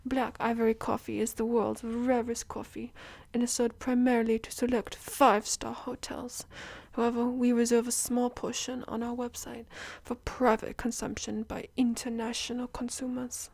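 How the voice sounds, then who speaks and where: A young woman doing soft-spoken ASMR, often dropping into whispers on a close microphone. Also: on the high side, flat delivery, moderate pace, vocal fry, few pauses, no room sound. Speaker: ASMR creator.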